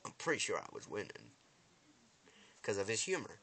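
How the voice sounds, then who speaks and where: A man excitedly recapping a TV episode in a casual vlog, rambling with restarts and acting out characters' lines. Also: fairly quick. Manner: animated storyteller, acts out lines with big loud jumps in pitch; rambling, many restarts and fillers.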